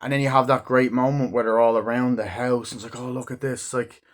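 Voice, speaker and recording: A man's voice: mid-range voice, fairly even intonation, quick pace. A man casually reviewing a film, rambling through scenes with heavy swearing and lots of "like" and "um". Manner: rambling and heavily profane; loosely retells scenes with frequent "like" and "um".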